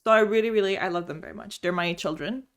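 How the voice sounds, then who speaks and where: Speaking quickly at medium pitch, a young woman reviews her month's books in a casual vlog from a sunlit home room. She's effusive and talkative, restarting her sentences often as she goes.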